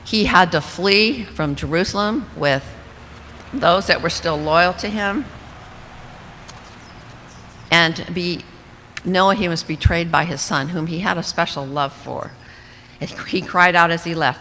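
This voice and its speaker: A woman's voice: on the low side, measured pace, long pauses, pushed and bright. A woman giving an earnest, reflective Bible study talk to a women's fellowship, with small slips and restarts. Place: church hall. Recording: reverberant hall, faint background noise.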